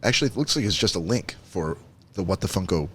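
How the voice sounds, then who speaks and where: A man's voice: low-pitched, animated, quick pace, fairly bright tone, slightly rough. A man co-hosting a casual podcast, setting up bits in a wordy, mock-formal way. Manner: wordy mock-formal setups, laughs easily. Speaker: podcast co-host. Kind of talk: casual chat.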